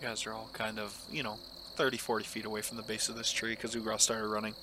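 A man's voice: lowish voice, little pitch movement, fast, noisy background. A man running a tabletop game as game master, narrating loosely with lots of fillers. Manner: casual, filler-heavy narration.

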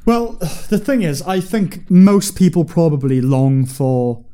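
A man on a podcast with a warm, mellow tone. His speech rises and falls in lively swings as he poses wry questions to the others. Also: on the high side, takes it slowly, smooth. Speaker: podcast co-host. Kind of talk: casual podcast chat.

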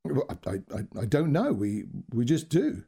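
A man's voice: medium pitch, huge pitch swings, normal speed, creaky, warm tone, husky, exaggerated voice. A man voicing a flustered young male language teacher who stammers and hesitates.

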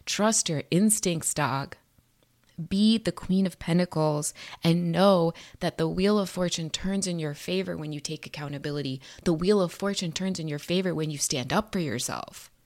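A woman's voice: fairly low pitch, normal speed, hardly any pauses, darkish tone. A woman giving a spiritual tarot and astrology reading in an earnest, encouraging way, casually profane and slangy.

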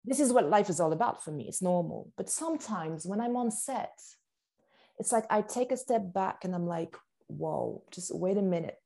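A woman with a French accent, an actress chatting as an interview guest, animated and laughing easily. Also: medium pitch, normal speed. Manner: animated, sing-song emphasis, laughs easily. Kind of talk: casual interview chat.

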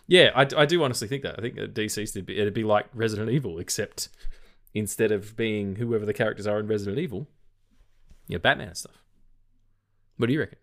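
An Australian man, sounding tired, co-hosts a film podcast in rambling casual conversation full of restarts and swearing. He talks fast in a low, creaky voice, broken by long pauses.

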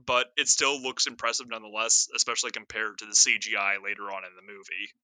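A man's voice: on the low side, flat delivery, quick pace, bright, forceful tone, no echo. A man in casual chat about a movie, wry and joking, stumbling over his restarts.

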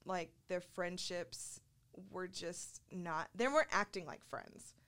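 A woman's voice: lowish voice, takes it slowly, a bit bright. A woman who is a photographer, a guest on a podcast, talking candidly and earnestly with little laughs between thoughts. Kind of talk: casual podcast conversation.

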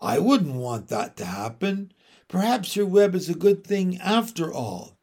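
A man's voice: high voice, sing-song, unhurried, darkish tone, exaggerated voice. A man voicing an innocent young pig. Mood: earnest. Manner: earnest, easily shocked. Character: innocent, soft-hearted young male pig. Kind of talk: storybook read-aloud.

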